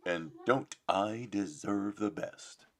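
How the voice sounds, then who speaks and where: A man putting on the voice of a vain, boastful young hunter, loud and swaggering. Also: lowish voice, takes it slowly.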